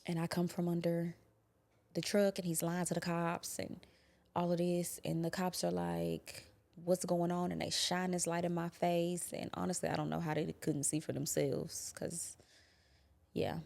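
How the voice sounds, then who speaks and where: A young adult woman quietly recounting a painful personal experience, halting and sometimes dropping to a whisper. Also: on the low side, completely flat delivery, gravelly. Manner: quiet, halting, drops to a whisper at hard moments. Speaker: guest telling her story. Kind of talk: personal testimony.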